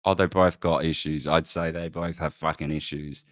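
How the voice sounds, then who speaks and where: Male podcast host, very low voice, loose and giggly, swears freely. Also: fairly even intonation, moderate pace, fairly bright tone, dry recording, clean studio sound. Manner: laughing, swearing, rambling. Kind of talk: casual chat.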